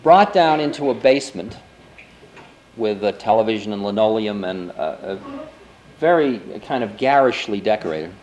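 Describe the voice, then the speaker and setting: A man's voice: fairly low pitch, lively intonation, normal speed, a little mellow, highs cut off, a little hiss or hum. Man telling a story at a lecture. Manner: loose, conversational, full of "you know" and "I mean". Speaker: spiritual teacher giving a lecture. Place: lecture before an audience.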